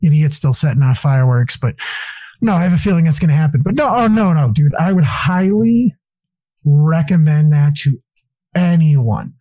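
A man chatting as a podcast guest, telling rambling stories full of swearing and quick laughter. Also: fairly high pitch, expressive, warm tone, no room sound. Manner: profane, rambling storytelling. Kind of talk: casual chat.

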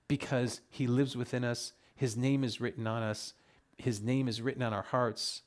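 A man's voice: medium pitch, moderate pace. A man leading a Bible study, reading scripture aloud and reacting to the verses with emphatic exclamations. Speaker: Bible teacher.

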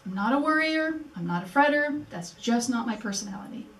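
With a fairly high, animated voice and a brisk pace, an older woman gives an earnest personal speech at a museum memorial event, performing the dialogue she remembers. Sound bounces around the presentation room, the microphone is far off, and there's slight background noise.

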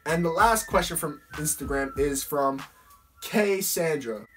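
A man's voice: on the high side, moderate pace, fairly bright tone, slight background noise. Blunt, swearing teenage boy vlogger. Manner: blunt, heavy swearing, lots of fillers. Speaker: YouTuber answering fan questions. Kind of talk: casual Q&A vlog.

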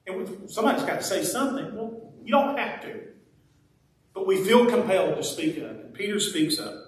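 A man preaching in a folksy, conversational way. His voice sits high and carries through a heavily reverberant sanctuary, picked up from some distance. He drops in playful asides as he talks to the congregation. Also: lively intonation, a little fast. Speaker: pastor. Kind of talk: sermon. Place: church sanctuary. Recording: very echoey church sanctuary, mic at a distance.

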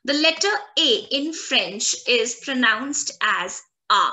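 A woman language instructor teaching an online lesson, repeating words slowly and clearly for learners. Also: high voice, expressive, pushed and bright. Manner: slow, drawn-out repetition of French words for learners.

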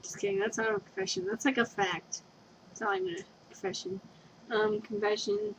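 A woman's voice: medium pitch, steady tone, fairly quick, slight background noise. A young woman rambling through a casual confession vlog at home, giggly and scatterbrained, often losing her train of thought. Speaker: vlogger. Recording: dull lo-fi webcam recording.

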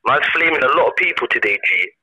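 A young man calling in by phone, loud and agitated, saying "G" constantly. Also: mid-range voice, expressive, fast talker, slightly rough. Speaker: caller. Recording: phone line.

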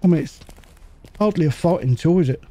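A man casually commentating a game as he plays, muttering to himself and making quick jokes. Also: a little high, expressive, mellow, dry recording. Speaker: gaming channel host. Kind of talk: casual let's-play commentary.

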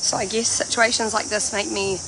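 A woman's voice: mid-range voice, a little fast. Chatty New Zealand woman livestreaming outdoors. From New Zealand, Canterbury. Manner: chatty, explains things at length, many "you know" and "like" fillers. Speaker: livestreamer reporting from a protest. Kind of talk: casual livestream commentary. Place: outdoors at a busy protest camp. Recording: phone audio with steady background noise.

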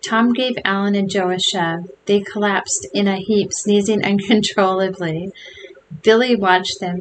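A woman reads a children's novel aloud to her viewers in a slow, deliberate way. A faint hiss sits under her voice, and her pitch is neither high nor low. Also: fairly even intonation, poor audio. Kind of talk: reading aloud to video viewers.

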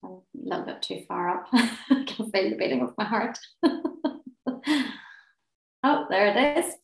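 Slow, playful woman leading laughter exercises. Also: mid-range voice, animated, creaky, roomy sound, low-quality recording. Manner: playful, giggly, encouraging. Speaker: laughter and relaxation session leader. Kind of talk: guided laughter exercise class.

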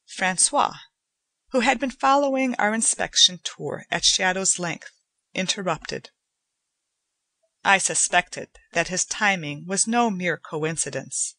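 Unhurried woman reading a story. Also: lowish voice, sharp tone, no echo. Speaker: audiobook narrator. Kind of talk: scripted narration.

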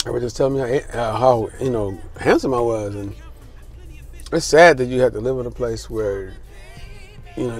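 A young American man casually telling a personal story as a travel vlogger, candid and animated, acting out the voices of people he quotes. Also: mid-range voice. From United States.

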